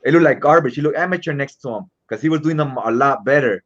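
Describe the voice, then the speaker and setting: A man co-hosting a casual podcast, telling stories in a lively way and acting out the quotes. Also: medium pitch, fast. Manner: animated storyteller, acts out quotes. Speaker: podcast co-host. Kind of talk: casual chat. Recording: dull lo-fi sound.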